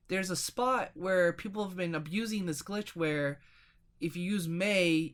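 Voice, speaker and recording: A man's voice: fairly high pitch, a bit bright. A man co-hosting a casual gaming podcast, telling long rambling stories with lots of fillers and restarts. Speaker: podcast co-host.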